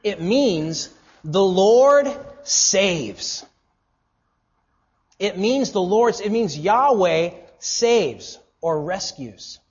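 A man delivering a sermon as pastor, his voice pitched high and slightly husky. He preaches earnestly, pushing key words up with force and then dropping to a hush. The recording sounds dull and lo-fi. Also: animated, extremely slow. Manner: earnest preaching with emphatic rises and hushed drops.

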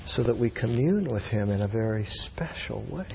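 A man's voice: on the low side, lively intonation, moderate pace, vocal fry, very noisy. A man preaching a sermon with emphatic, rising exclamations. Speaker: pastor. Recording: dull lo-fi audio with long hall reverb.

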